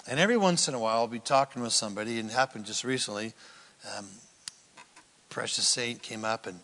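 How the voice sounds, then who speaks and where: A man preaching a sermon, telling the story with lively acted-out voices. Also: medium pitch, a little fast, in a large hall. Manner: animated storytelling, acts out quoted characters. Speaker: pastor.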